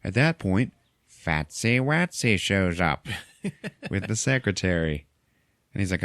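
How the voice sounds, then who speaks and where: Male podcast host, low voice, dry close mic, casual and jokey, swears freely while retelling a plot. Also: sing-song, slow, pauses often, a bit bright, no room sound. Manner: chatty, laughs often, swears casually, acts out quotes. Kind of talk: casual movie recap.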